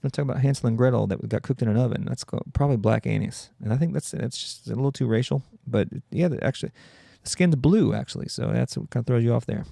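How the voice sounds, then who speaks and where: A man hosting a comedic solo podcast, irreverent and joking with quick asides. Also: medium pitch, creaky, dark tone, no echo, clean studio sound. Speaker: podcast host.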